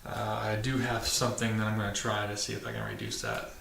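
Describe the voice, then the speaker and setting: A man's voice: fairly low pitch, little pitch movement, quick pace, vocal fry, a bit bright. A man hosting a dirt bike vlog, talking casually to camera with many fillers and restarts in a matter-of-fact way. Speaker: channel host. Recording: echoey room with faint noise.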